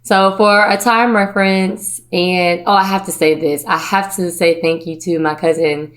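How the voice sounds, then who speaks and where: Chatty, low-voiced woman telling stories. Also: steady tone, normal speed, a bit bright. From Virginia, USA. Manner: playful, chatty, often puts on the voices of relatives. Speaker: podcast host. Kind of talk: personal storytelling monologue.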